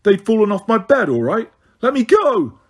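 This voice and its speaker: A man's voice: sits high, very animated, normal speed, pitched above the performer's own voice. A man voicing a lovestruck, desperate teenage wizard boy in a read-aloud storybook, with breathless, pleading lines. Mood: indignant.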